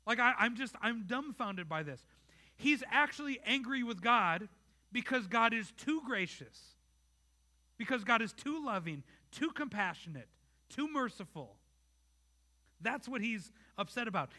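High, sharp-voiced man preaching. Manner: earnest, talks straight to the congregation with rhetorical questions. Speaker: pastor. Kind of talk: conversational sermon.

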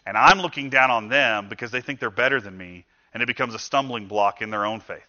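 Bright-voiced man preaching conversationally. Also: mid-range voice, fairly quick. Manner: conversational, animated, acts out quoted voices. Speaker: pastor. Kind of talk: sermon. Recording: dull lo-fi sound.

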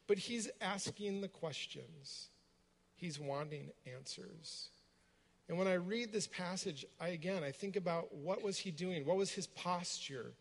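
Higher-voiced man preaching in a reverberant hall. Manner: reflective storytelling, rhetorical questions. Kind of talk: sermon. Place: room with a gathered congregation.

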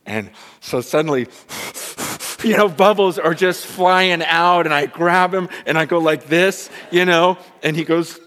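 Animated storytelling preacher in a big hall. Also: male voice, a little high, measured pace. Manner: animated storyteller, swinging between excited and hushed prayerful tones. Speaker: pastor. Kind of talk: storytelling sermon. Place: large church hall with a congregation.

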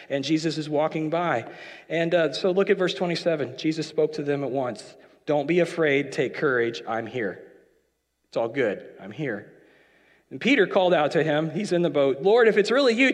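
A man preaching a casual, conversational sermon with joking asides, now and then acting out quoted lines. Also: on the high side. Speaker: pastor. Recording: long hall reverb.

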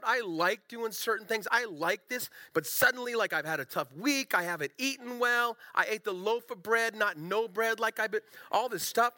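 A middle-aged man preaching a sermon as a pastor, in a conversational, animated and self-deprecating way. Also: high-pitched.

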